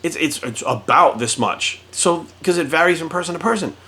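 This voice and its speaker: A middle-aged man with a voice pitched a little above the usual male range holds forth on fitness and bodybuilding. He swears freely and speaks bluntly. He tells his stories by acting out both sides of the conversation. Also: expressive, normal speed, sharp tone. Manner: blunt, heavily profane, storytelling with quoted voices. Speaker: fitness coach. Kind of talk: profane direct-to-camera rant.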